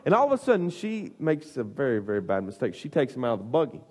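A man delivers a youth sermon, his voice a little raised and husky. He tells comic stories in an animated, rambling way with many fillers. His voice rings with the long reverb of a large hall. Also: on the high side, fast talker, few pauses. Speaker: youth pastor. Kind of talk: storytelling sermon.

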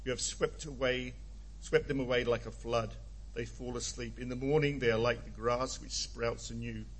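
A man in his seventies reading scripture aloud, halting and apologetic. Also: mid-range voice, fairly even intonation, rough recording. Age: 70s. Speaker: scripture reader.

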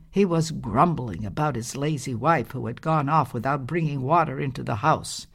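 A woman reading a storybook aloud in a calm, gentle, measured way. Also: sits low.

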